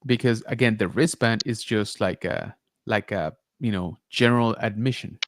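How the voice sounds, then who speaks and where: A man hosting a podcast, telling a story in a casual, animated way with lots of filler words. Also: on the low side, normal speed, slight background noise. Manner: animated retelling, many filler likes and rights. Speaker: podcast host.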